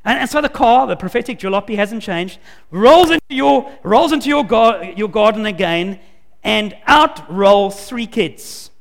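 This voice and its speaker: A man preaching in an animated, emphatic way, acting out the scenes as he tells them. His very high voice swings widely in pitch. A long reverb trails each phrase as if he speaks in a large church. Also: a little slow, gravelly. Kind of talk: sermon.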